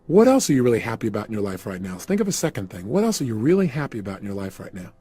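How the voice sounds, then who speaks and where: A man's voice: fairly low pitch, sing-song, racing, dark tone, husky, faint music behind. A man giving a guided motivational talk, emphatically firing repeated questions at the listener. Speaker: motivational speaker.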